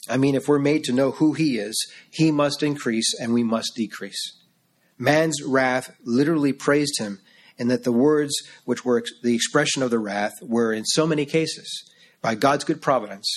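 A man preaching a sermon to his congregation in an earnest, emphatic way, slowing down to stress key words. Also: mid-range voice.

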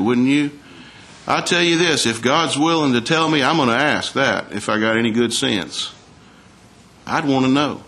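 A man's voice: mid-range voice, fairly bright tone. A man preaching a sermon in a folksy way, reading scripture and asking his listeners questions. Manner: folksy, asks the congregation questions, reads scripture aloud.

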